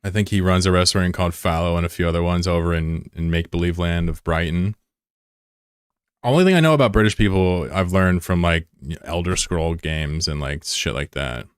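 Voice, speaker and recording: A man's voice: sits low, fairly quick, clear, resonant tone, dry recording, studio quality. A man streaming his reaction to a video, making crude jokes in casual banter.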